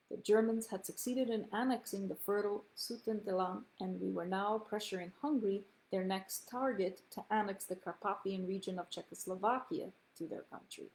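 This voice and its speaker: A woman reading her grandfather's memoir aloud as storytelling, pausing to explain Yiddish and Hebrew terms. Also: mid-range voice, darkish tone, rough recording.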